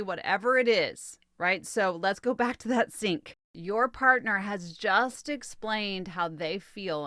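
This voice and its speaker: A woman hosting a solo podcast, calmly teaching relationship skills in a measured coaching tone. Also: medium pitch, no room sound, studio quality. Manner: calm, measured, coaching tone with light laughs.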